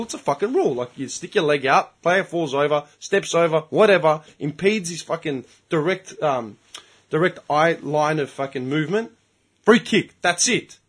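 A man's voice: on the high side, breathy edge. An Australian man telling a story in a casual podcast chat, heated and full of swearing. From Melbourne, Australia. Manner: profane, heated storytelling rant. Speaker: podcast host.

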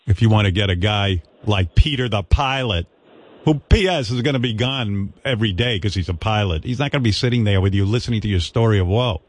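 An older man hosting a radio show, chatting bluntly and crudely, telling stories with lively asides. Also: on the low side, a little fast. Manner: blunt, crude, animated storytelling with quoted voices. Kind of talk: casual radio banter.

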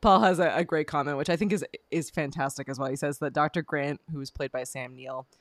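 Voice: mid-range voice, steady tone, brisk, no room sound, clean studio sound. A podcast co-host casually reviewing a film, rambling with many fillers and restarts and laughing often.

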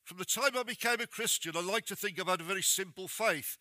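A man's voice: high voice, fast talker, sharp tone, no room sound. A man preaching a sermon, plain-spoken and direct as he urges his congregation on.

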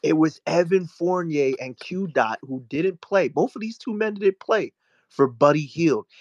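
A man's voice: fairly high pitch, unhurried, dry recording, lo-fi sound. A man arguing insistently and profanely as a panelist in a casual chat. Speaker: panelist in a fan audio space.

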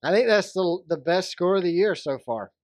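A man co-hosting a casual podcast, chatting and joking in an animated way. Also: high-pitched, moderate pace, dry recording, studio quality. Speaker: podcast co-host. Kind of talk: casual chat.

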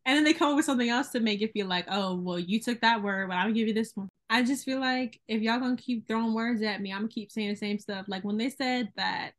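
A young woman hosting a podcast, talking in an emphatic, wry casual chat. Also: medium pitch. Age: young adult. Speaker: podcast host.

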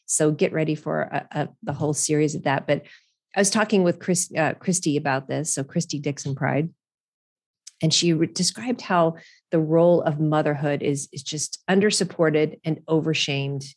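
Middle-aged woman, low deep voice, frank and chatty solo podcast host. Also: normal speed, darkish tone, slightly rough. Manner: candid, chatty and profane, with frequent restarts and laughter. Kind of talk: casual solo podcast monologue.

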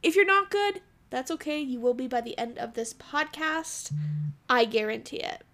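A woman's voice: high-pitched, animated, moderate pace, fairly bright tone. A young woman from Alberta, co-host of a podcast, chatting in a bubbly way and laughing often. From Alberta, Canada. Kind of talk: casual chat.

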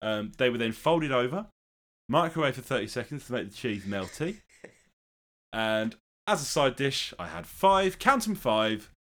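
Young male comedy-podcast host, lively pitch, playful self-mocking chat. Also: measured pace. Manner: playful, jokey, self-deprecating. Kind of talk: casual chat.

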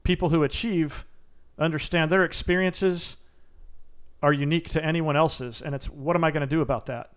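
Speaking smoothly at a moderate pace, this guest, an ex-Navy SEAL now working as a mental coach, responds to interview questions with earnest, emphatic coaching energy. His pitch is fairly high and his tone steady.

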